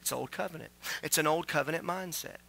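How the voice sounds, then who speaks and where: A man preaching a sermon as pastor, asking the congregation questions and building to loud exclamations. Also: fairly high pitch, fast, creaky. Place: church sanctuary.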